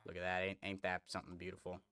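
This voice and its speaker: A man's voice: sits low, completely flat delivery, racing, sharp tone, smooth, no room sound, soft background music. A young man chatting casually as he plays a game, rambling with many restarts. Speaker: gaming streamer. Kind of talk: casual gameplay commentary.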